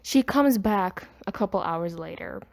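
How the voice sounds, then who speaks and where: A woman's voice: mid-range voice, expressive, measured pace, gravelly. A woman hosting a podcast, telling a personal story in a rambling, chatty way. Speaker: podcast host. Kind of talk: casual storytime monologue.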